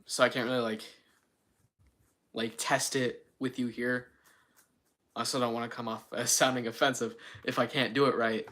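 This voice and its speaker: Bright-voiced young man rambling on a livestream. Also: mid-range voice. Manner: rambling, filler-heavy, self-mocking. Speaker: livestream host. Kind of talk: casual livestream chat.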